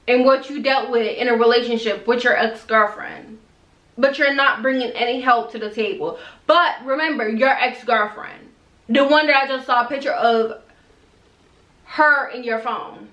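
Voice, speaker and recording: A young woman telling a storytime vlog in a casual, animated and exasperated way, acting out both sides of an argument. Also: high voice, echoey room, far from the mic. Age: young adult. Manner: animated, exasperated retelling with quoted back-and-forth. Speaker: vlogger.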